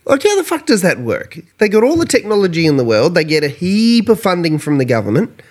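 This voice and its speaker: An Australian man co-hosting a casual pub-banter podcast, sweary and animated, ranting in disbelief. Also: sits high, a little fast. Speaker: podcast co-host.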